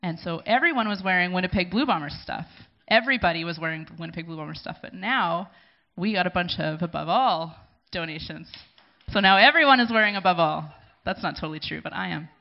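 Woman, kinda gravelly voice, emotional halting thank-you speech at church, muffled lo-fi recording. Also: fairly low pitch, expressive. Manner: emotional, halting, speaking with pauses to gather herself. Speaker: church community leader. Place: gathering in a room. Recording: dull lo-fi recording.

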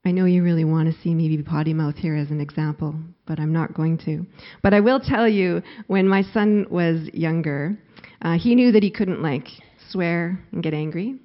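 A woman's voice: fairly low pitch, normal speed. A middle-aged woman preaching a sermon, acting out quoted laments with rising force. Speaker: pastor. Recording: slightly dull lo-fi recording.

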